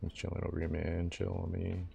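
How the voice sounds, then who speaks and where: A man's voice: low-pitched, completely flat delivery, brisk, creaky, dark tone. A young man livestreaming, joking and teasing his viewers in laid-back, casual chat, often laughing.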